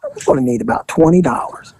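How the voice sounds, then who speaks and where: A man's voice: fairly high pitch, wildly swooping pitch, vocal fry, a little mellow, husky, no echo, exaggerated voice. A man voicing a brash, foul-mouthed streetwise woman hustler in a comedic story. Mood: bargaining. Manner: crude, quick to curse.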